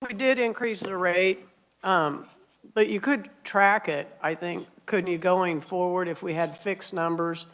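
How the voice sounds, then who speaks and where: A woman chairing a legislative committee hearing, asking the witness questions in a brisk, conversational way. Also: lowish voice.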